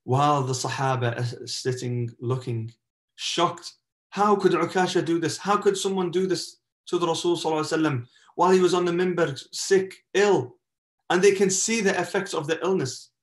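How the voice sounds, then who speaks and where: A man's voice: a little high, moderate pace. Impassioned man telling a sacred story. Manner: impassioned, swells in emphasis with oaths; mixes Arabic religious phrases into the telling. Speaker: shaykh giving a religious lesson. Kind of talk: storytelling sermon-lesson. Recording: echoey roomy sound.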